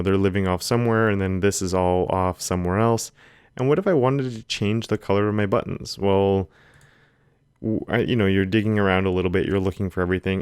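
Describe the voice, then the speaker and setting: A man teaching a screen-recorded coding lesson, calmly talking through the code as he types it. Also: on the low side, clean tone, no echo, clean studio sound. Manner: relaxed, talks while typing code. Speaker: coding instructor. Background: keyboard typing.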